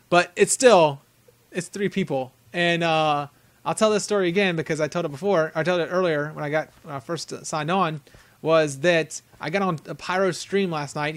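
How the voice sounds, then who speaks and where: Male let's-play host, high voice, rambling and chatty with frequent laughs. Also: fairly bright tone. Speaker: gaming channel host. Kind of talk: casual let's-play commentary.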